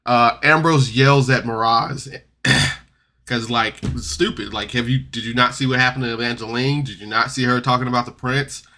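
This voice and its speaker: A man recapping a tabletop game podcast episode in a loose, rambling way, jumping between loud outbursts and mumbled asides. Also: mid-range voice, steady tone, normal speed. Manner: rambling, loose, full of "like" and restarts. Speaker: podcast reviewer. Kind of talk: casual recap and commentary.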